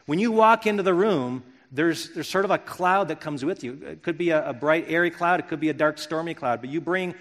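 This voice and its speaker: A middle-aged pastor from Wisconsin delivers a sermon in an earnest, reflective way, often circling back to restart a phrase. His voice sits a little high for a man. A long reverb hangs around him, as if he is in a large hall. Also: a bit bright.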